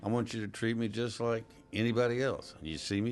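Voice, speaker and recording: A man's voice: mid-range voice, flat delivery, fast. A male talk show host in casual conversation, telling stories and acting out quoted voices. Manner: storytelling, acts out quoted voices. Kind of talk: casual chat.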